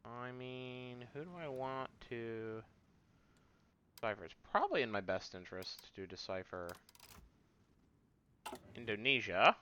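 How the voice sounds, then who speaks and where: Let's play host, male, fake British accent, offhand and wry, bright tone. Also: medium pitch, animated, measured pace, long pauses, muffled recording, a little hiss or hum. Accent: put-on British. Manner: wry, offhand, muttering to himself. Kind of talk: casual gameplay commentary.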